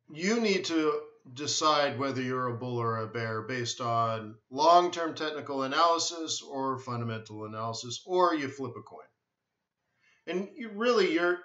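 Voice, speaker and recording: A forex trading webinar host with a sharp, mid-range voice answers viewers on his live stream, blunt and emphatic and prone to repeating words. The sound is dull and lo-fi, recorded in an echoey room.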